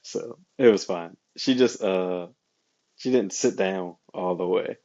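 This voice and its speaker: Male co-host, lowish voice, lively storytelling delivery, dull remote audio. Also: takes it slowly. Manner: animated storytelling, laughs often. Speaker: podcast co-host. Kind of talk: casual chat.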